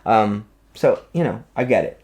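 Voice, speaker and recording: A man, hosting a podcast and telling a story in a casual, animated way, acting out quotes and swearing freely. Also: on the low side, moderate pace. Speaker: podcast host. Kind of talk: casual chat.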